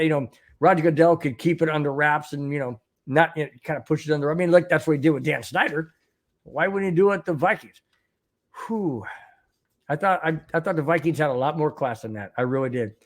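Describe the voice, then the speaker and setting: An older sports podcast host giving opinionated commentary, reading news aloud with indignant exclamations and repeated phrases. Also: medium pitch.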